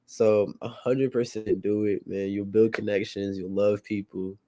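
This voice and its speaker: A man's voice: lowish voice, little pitch movement, measured pace, dark tone. A young man, a youth program participant, giving a heartfelt, slangy testimony and repeating himself as he talks. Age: young adult. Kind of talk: casual emotional testimony.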